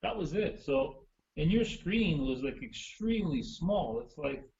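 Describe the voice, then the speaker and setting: A man's voice: on the high side, animated, measured pace, vocal fry, darkish tone. Man, casual chat, chatty explainer, lo-fi call audio. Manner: chatty, explaining gear with restarts. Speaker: guest musician. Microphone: phone or video call.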